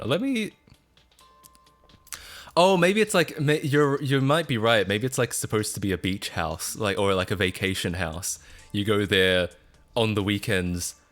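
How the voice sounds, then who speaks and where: A man's voice: on the low side, a bit bright. A man chatting casually on a livestream, laughing often and breaking into incredulous outbursts.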